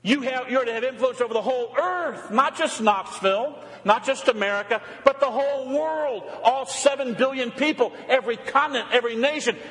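Brief: man, pastor mid-sermon, emphatic rises and hushed drops, high-pitched, long hall echo. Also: a little fast, few pauses. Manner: emphatic preaching, rising and dropping to a murmur. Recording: long reverb of a church hall.

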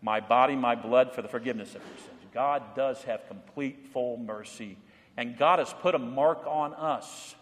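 A male pastor delivering a sermon in a church, swinging between raised and hushed delivery and leading the congregation in responses. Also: medium pitch, normal speed. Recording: reverberant church hall.

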